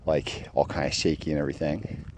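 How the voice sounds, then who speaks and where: A man with a very deep voice tells a personal story in a loose, casual way. He rambles, stops to restart, and fills the gaps with lots of "uh" and "um". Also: steady tone, fairly quick, darkish tone, a little hiss or hum. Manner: rambling with many fillers, mimics other voices.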